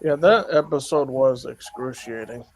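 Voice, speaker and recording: A man's voice: mid-range voice, moderate pace, low-quality recording. A man in casual chat, talking in a hesitant, meandering way. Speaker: co-host.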